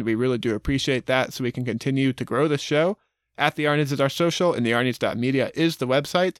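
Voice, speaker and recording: A man's voice: mid-range voice, a bit bright, smooth, no room sound, studio quality. A man co-hosting a movie review podcast, joking in casual chat and reading the show's outro. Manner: playful, reads show outro plainly. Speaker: podcast co-host.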